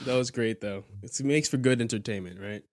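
A man's voice: mid-range voice, a little fast, no room sound. A man hosting a podcast, encouraging his guest and laughing along. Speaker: podcast host. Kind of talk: casual chat.

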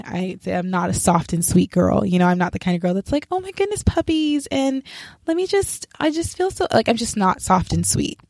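A young woman speaking a casual personal faith testimony, candid and self-reflective, describing herself as sharp and straightforward and acting out remembered conversations. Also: lowish voice, dry recording, clean studio sound.

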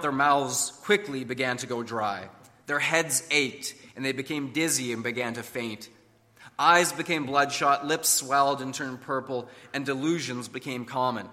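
Emphatic preacher in an echoing hall. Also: male voice, on the high side. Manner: emphatic, rising to loud declarations. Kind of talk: sermon.

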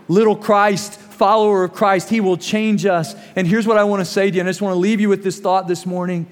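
A middle-aged man preaching a sermon, telling a story and slowing down for emphasis. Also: high-pitched, steady tone, big-room sound. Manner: storytelling with acted quotes, slows for emphasis. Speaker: pastor.

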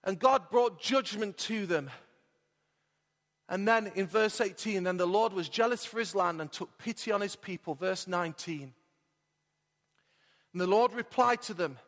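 A male pastor preaching with a high-pitched voice that swells with emphasis and slows on his key phrases. His words ring out with a long reverb from a church hall. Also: a bit bright. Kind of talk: sermon.

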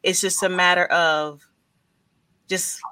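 A woman's voice: fairly low pitch, fairly even intonation, takes it slowly, sharp tone, no echo. A woman asking an earnest, reflective question in a faith conversation.

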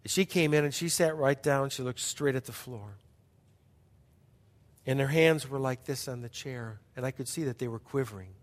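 Middle-aged pastor preaching in a hall. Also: male voice, medium pitch. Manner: emphatic, repetitive, dramatic pauses and hushed passages. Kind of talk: sermon storytelling. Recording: long hall reverb.

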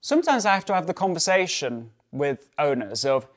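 A man hosts his own dog-training podcast alone, speaking in a slightly higher register than most men. He talks casually and chattily, tossing in fillers and tag questions like "right?" to keep listeners with him. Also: very animated, fairly quick. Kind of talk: casual solo podcast talk.

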